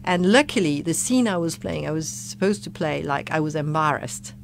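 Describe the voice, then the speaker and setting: A middle-aged woman with a French accent who speaks English as a second language, telling stories in a relaxed, reflective interview with a lot of hesitant restarts. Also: low-pitched, normal speed, vocal fry, a little hiss or hum. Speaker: guest, former ambassador. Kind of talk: casual interview chat.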